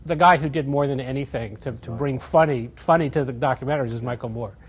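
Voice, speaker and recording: Quick-talking filmmaker guy, lively and anecdotal, mid voice. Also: mid-range voice, breathy edge. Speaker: documentary filmmaker. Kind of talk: interview answers.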